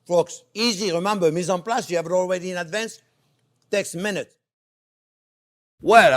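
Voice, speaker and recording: A man hosting a cooking show, effusive and crooning over his food in a casual demonstration. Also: sits high. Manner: often drops to soft murmurs over the dish.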